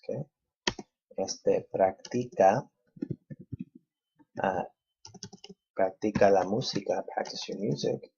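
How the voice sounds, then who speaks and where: A man's voice: lowish voice, moderate pace, creaky, pauses often, mellow, husky. A man teaching a Spanish grammar lesson, patiently explaining step by step. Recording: dull lo-fi recording.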